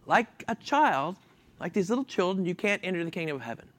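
With a high voice and a brisk pace, this preacher asks his congregation questions and answers them himself. His delivery is lively and full of chuckles.

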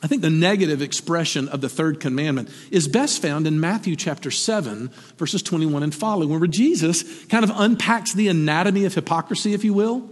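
A middle-aged man preaching a sermon from the pulpit, conversational and animated, often asking his listeners questions. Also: a little high, fairly quick, hardly any pauses, in a large hall. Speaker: pastor. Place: church sanctuary.

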